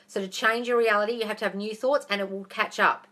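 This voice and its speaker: Brash Australian woman, bright voice. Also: medium pitch, fairly even intonation, fast. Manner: blunt, brash and profane, calls listeners darling. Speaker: manifestation coach. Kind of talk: livestream Q&A, reading and answering viewer questions.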